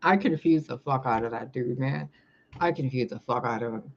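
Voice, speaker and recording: Animated, foul-mouthed woman vlogger. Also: a bass voice, moderate pace, a little hiss or hum. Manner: animated, swears freely, laughs through stories. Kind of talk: casual storytelling vlog. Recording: dull lo-fi recording.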